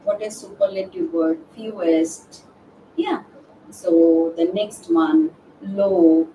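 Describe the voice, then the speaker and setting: A woman's voice: mid-range voice, very animated, slow pace, warm tone, recorded from a distance, faint music behind. A woman teaching a live webinar grammar lesson, asking the class questions and answering them herself, with many "uh" fillers. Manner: hesitant, frequent "uh" fillers and restarts. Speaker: verbal aptitude trainer. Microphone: distant from the microphone. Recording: echoey room, off-mic, faint background noise.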